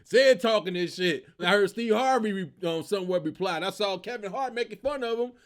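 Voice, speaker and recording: A man hosting his own comedy show, giving casual, animated commentary and telling stories, laughing and slipping into character voices. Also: high-pitched, brisk.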